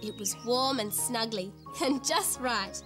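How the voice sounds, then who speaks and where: A woman's voice: fairly high pitch, takes it slowly, over music. A woman hosting a children's TV show, telling a fairy tale in a giggly, sing-song way. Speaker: storyteller host. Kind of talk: children's TV storytelling.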